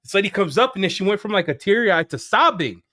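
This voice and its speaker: Brief: male co-host, fairly high voice, lively joking storyteller on a casual stream. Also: fast. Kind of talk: casual livestream chat.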